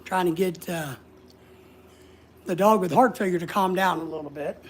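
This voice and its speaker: A woman's voice: on the low side, moderate pace, breathy edge. A woman hosting a casual livestream, chatting in a rambling way and reading viewer comments aloud. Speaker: livestream host.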